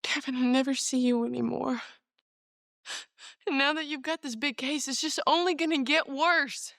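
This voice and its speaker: A hurt young woman in a film, pleading with her overworked partner. Her voice is high and gravelly with fry, in a dry close recording. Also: normal speed, fairly bright tone, no echo. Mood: plaintive. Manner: plaintive, hurt.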